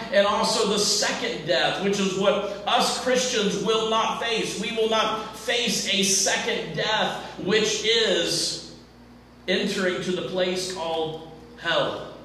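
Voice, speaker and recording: A male pastor preaching a sermon in a church, speaking deliberately in short phrases, often repeating and restarting words. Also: sits high, fairly even intonation, bright, forceful tone, a little hiss or hum. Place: church sanctuary. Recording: echoey church from far off.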